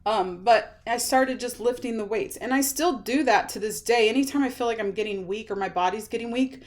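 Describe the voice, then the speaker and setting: A woman in her thirties telling her own illness story to camera, rambling and halting with many fillers and restarts. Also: fairly high pitch, a little mellow. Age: 30s.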